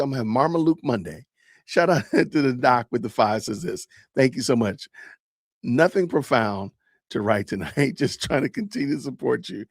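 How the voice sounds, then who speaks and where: A man's voice: medium pitch, creaky, husky, no room sound, studio quality. A middle-aged man hosting a live stream, chatting animatedly and laughing often as he reacts to videos. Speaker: podcast host. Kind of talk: live-stream commentary on body cam videos.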